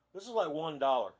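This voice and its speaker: A vlogger with a slightly high, somewhat rough voice chats casually on a phone live video. Easygoing and rambling, he fills his speech with fillers, picked up by a phone camera propped nearby.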